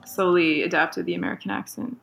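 A woman's voice: low voice, expressive, fairly quick, gravelly, a bit bright, a little hiss or hum. Giggly Canadian woman chatting. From Toronto, Canada. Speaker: guest. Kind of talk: casual interview chat.

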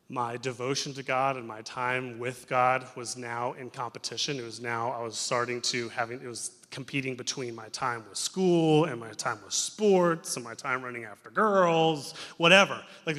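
A young male pastor preaching a sermon, telling his stories with animated energy and dropping from loud to hushed. His voice is bright and forceful. It carries the long reverb of a church sanctuary. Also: medium pitch.

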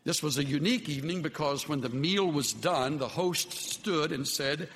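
A man preaching a sermon as pastor, earnest in tone and often dropping to soft, low words for emphasis. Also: moderate pace, few pauses. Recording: long hall reverb.

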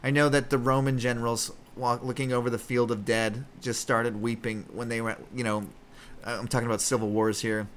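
A Canadian man hosts a comedy podcast of casual Bible commentary, rambling, swearing a lot, and often interrupting and restarting himself. His mid-range voice is flat and brisk, with a little hiss or hum in the audio.

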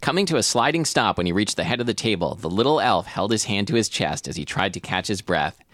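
A man's voice: on the low side, animated, fast, a bit bright, no room sound. A man co-hosting a casual podcast, chatting wryly with many fillers and reading a book aloud. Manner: hesitant, wry, many fillers. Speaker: podcast co-host.

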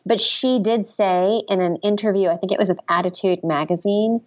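A woman impressionist being interviewed over the phone, talking in animated, chatty bursts and correcting herself as she goes. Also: medium pitch, moderate pace, muffled recording. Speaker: impressionist guest. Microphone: phone line.

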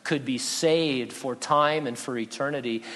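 A man's voice: medium pitch, measured pace, fairly bright tone. A male pastor preaching an earnest, conversational sermon with touches of humor. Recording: long reverb in a hall.

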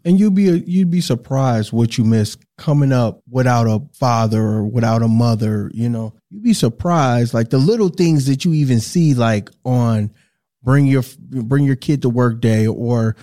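A man's voice: mid-range voice, moderate pace, dark tone, dry recording, studio quality. A man who teaches podcasting, speaking reflectively in casual talk with many fillers. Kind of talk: casual chat.

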